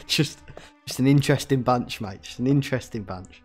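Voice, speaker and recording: A man's voice: mid-range voice, moderate pace, faint music behind. A young man with a southern English accent, chatting casually and rambling while streaming a game, swearing often. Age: young adult.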